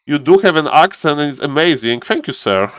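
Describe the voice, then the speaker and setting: A man with a noticeable non-native English accent casts a strategy game live, his voice sitting slightly high. He chats with viewers, keeps saying "ladies and gentlemen", and gets more excited over key plays. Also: brisk, dry recording. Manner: chatty, greets chat viewers, repeats "ladies and gentlemen". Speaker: game caster and streamer.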